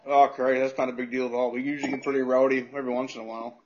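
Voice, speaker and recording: A man hosting a casual chat, relaxed and easygoing, swearing casually as he asks questions. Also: medium pitch, very fast, muffled recording, slight background noise. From United States. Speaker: podcast host.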